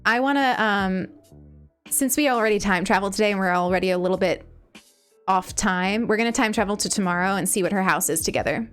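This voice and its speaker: A woman from Eastern Long Island with a Long Island accent, chatting casually on a live stream while gaming, rambling and breaking into excited squeals. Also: mid-range voice, fairly quick, smooth. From Eastern Long Island, New York. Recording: game music playing faintly behind.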